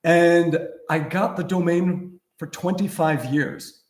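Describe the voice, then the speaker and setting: The voice is a little high and slow, heard in an echoey room. It's a middle-aged man on a guitar livestream, chatting casually and telling rambling, profane tales with a laugh.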